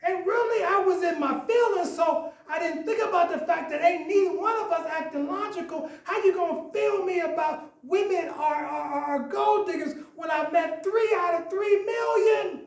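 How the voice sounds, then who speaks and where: A man with a Chicago accent giving an animated storytelling lecture, acting out the voices in his story. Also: very high-pitched, moderate pace, hardly any pauses. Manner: lively, acts out voices in dialogue. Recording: echoey room, mic at a distance.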